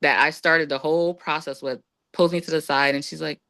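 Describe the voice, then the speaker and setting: A woman guest on a podcast, telling a personal story in a casual, lively way and acting out what others said. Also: brisk, dry recording. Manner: lively, acts out quoted voices with big pitch jumps.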